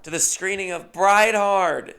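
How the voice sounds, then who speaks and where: A bubbly blonde woman emceeing an event, high-pitched and showy, poking fun at the crowd, as a man puts her on. Her voice is playful and teasing. She hams it up for the room. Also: unhurried, vocal fry, bright, forceful tone, smooth, heavily acted.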